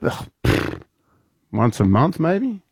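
A man's voice: on the high side, wildly swooping pitch, slow, creaky, slightly rough, no room sound, studio quality. A young Australian man hosting a casual radio show, telling rambling stories and laughing often. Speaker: radio host. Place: radio studio.

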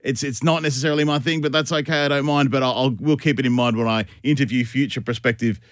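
A man with an Australian accent co-hosting morning radio, telling stories in a laughing, animated way and acting out what people said. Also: medium pitch, quick pace, dry recording, clean studio sound. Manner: animated storyteller, laughs often, acts out quotes. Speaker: radio show co-host. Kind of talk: casual morning radio banter.

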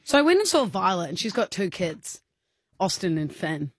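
A woman co-hosting a radio show, telling a story in casual chat with animated delivery and bursts of laughter. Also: fairly low pitch, moderate pace, breathy edge, dry recording, studio quality. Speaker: radio co-host.

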